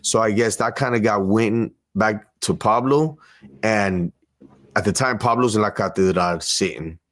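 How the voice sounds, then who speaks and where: A man's voice: on the low side, a little slow. A man as an interview guest, telling a story in casual street slang and acting out the dialogue. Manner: animated storyteller who acts out quoted dialogue; street slang, loose and profane.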